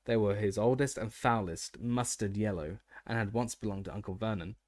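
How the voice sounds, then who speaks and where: Low-voiced man reading an audiobook. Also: moderate pace, darkish tone, no echo. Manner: frequent stumbles and restarts. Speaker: audiobook narrator.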